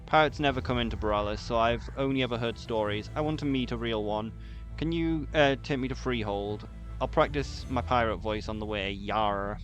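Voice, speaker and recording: A man's voice: medium pitch, normal speed, soft background music, natural voice. A man reading aloud the lines of an eager young orphan boy in a game, stumbling over fillers. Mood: excited. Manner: reads the quest text aloud, fumbling with fillers.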